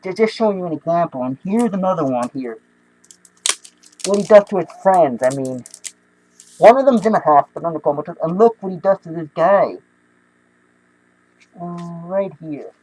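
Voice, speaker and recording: A young man casually reviewing comic books, excitable and rambling with many restarts. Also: high voice, normal speed, long pauses, slight background noise, low-quality recording.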